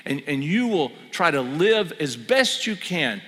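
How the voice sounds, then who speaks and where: Male pastor, slightly high, bright tone, earnest sermon in a reverberant hall. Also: sing-song. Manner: earnest, slows down on key phrases, repeats for emphasis.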